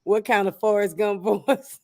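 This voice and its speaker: A woman's voice: mid-range voice, a little slow, a crowd in the background. Giggly woman reading out comments. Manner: giggly, reads viewer comments aloud. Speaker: co-host of a news chat show. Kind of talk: casual chat.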